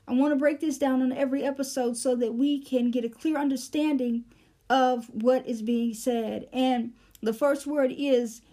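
High-voiced woman teaching Scripture. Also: fairly even intonation, normal speed, mellow. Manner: explanatory, breaks down Greek words, frequent fillers. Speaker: Bible teacher. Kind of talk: verse-by-verse Bible teaching.

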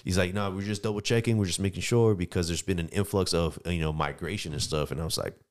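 A man's voice: deep voice, steady tone, fast talker. An American man as a podcast guest, telling a story in casual, slangy chat and acting out the people in it. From United States.

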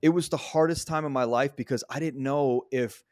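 A man's voice: mid-range voice, steady tone, normal speed, a little mellow, dry recording, clean studio sound. A middle-aged man hosting a podcast, telling personal stories in a candid way and often swearing. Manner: candid, profane storytelling. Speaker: podcast host. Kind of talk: casual conversation.

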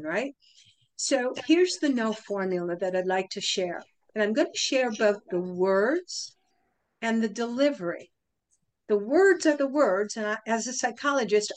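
A middle-aged woman, a guest on a podcast, explaining a sales method in an animated way with deliberate pauses. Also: mid-range voice. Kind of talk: casual interview talk.

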